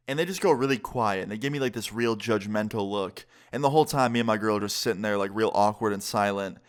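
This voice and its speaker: A man's voice: fairly low pitch, fast talker, few pauses, a bit bright. A young man telling a story on his YouTube channel in a casual way, with lots of "like" fillers. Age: young adult. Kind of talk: storytime vlog.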